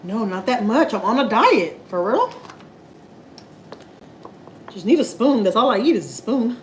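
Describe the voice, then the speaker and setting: A woman's voice: a little high, very animated, a little slow, a little hiss or hum, rough recording. A woman chatting casually to her live viewers while cooking in her home kitchen. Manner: chatty, slangy, laughing asides. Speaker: family vlogger.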